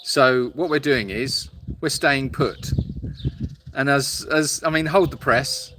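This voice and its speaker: A tired, hot man hosting a casual live stream from an animal sanctuary on his phone, rambling and halting with many fillers while answering viewers. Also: mid-range voice, sharp tone, slight background noise. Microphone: phone held for a live stream.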